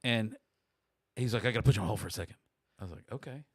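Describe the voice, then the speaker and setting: A man's voice: fast, husky, no room sound, studio quality. A middle-aged man hosting a podcast, telling a long story in casual chat and acting out the people he quotes. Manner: animated, acts out quoted people with rising pitch. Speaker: podcast host.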